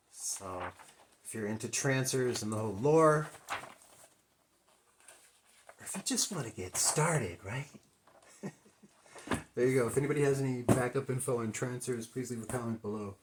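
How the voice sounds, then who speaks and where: A man with a Midwestern accent talks casually and enthusiastically, rambling and thinking aloud as he goes. His voice sits at an ordinary mid pitch, and a faint hiss of noise runs under the recording. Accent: American Midwest. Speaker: comic book collector showing a haul. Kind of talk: casual unscripted video commentary.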